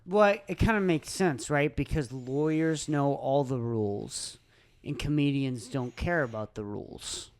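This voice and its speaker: Chill comedian dude co-hosting, lots of yeah yeah, easygoing. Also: male voice, mid-range voice, a little slow. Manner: laid-back, lots of short agreeing yeahs. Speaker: comedian podcast co-host. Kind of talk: casual chat.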